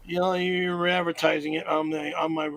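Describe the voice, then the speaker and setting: A middle-aged man on a livestream, prone to loud profane outbursts, with a gravelly voice. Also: fairly high pitch, little pitch movement, moderate pace, crowd noise. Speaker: show regular. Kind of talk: livestream banter.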